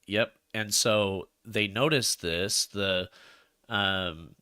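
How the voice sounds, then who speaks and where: Rambling bright-voiced male storyteller. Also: lowish voice, very slow, smooth, no room sound, studio quality. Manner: rambling storyteller with restarts, laughs into jokes. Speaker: podcast co-host telling a legend. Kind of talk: casual chat.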